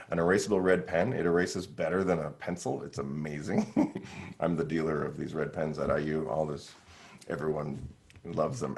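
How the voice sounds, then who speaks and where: A middle-aged man, a horn player and teacher, answering questions in a relaxed way and acting out his own thoughts with frequent laughs. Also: deep voice, gravelly. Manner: animated, acts out quoted thoughts, laughs often.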